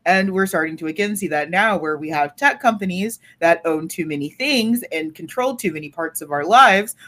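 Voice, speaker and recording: Animated sarcastic woman from Texas. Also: on the low side, normal speed, few pauses. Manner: animated, swears freely, sarcastic. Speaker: podcast co-host. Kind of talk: casual discussion.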